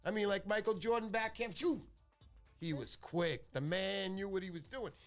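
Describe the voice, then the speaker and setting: A man hosting a casual fishing livestream, chatty and excitable, thanking viewers by name. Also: high voice, moderate pace, faint music behind. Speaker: livestream host.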